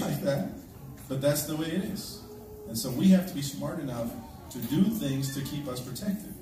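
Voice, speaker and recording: Man talking in a booming, echoey hall. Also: a little mellow. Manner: conversational, checks in often with the audience. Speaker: church elder leading a security drill. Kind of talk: addressing a congregation. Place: large echoey church hall, indoors. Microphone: distant livestream device. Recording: very echoey, distant, noisy live stream.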